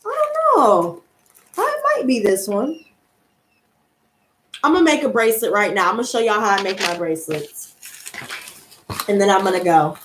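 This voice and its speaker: Profane, animated woman in her twenties. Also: on the high side, roomy sound, a little hiss or hum. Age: 20s. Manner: blunt, profane and heated, ranting and laughing. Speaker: tarot reader and streamer. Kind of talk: casual livestream chat.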